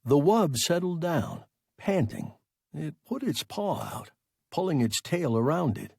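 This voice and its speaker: A man reading a science fiction story aloud as narrator, slow and deliberate. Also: medium pitch, big pitch swings, vocal fry, darkish tone, husky, no echo, studio quality. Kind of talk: audiobook narration.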